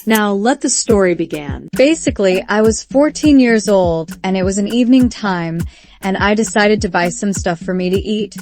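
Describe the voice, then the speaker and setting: A woman's voice: medium pitch, moderate pace, darkish tone, slight background noise. A young woman narrating a first-person storytime, chatty and dramatic, talking straight to her viewers.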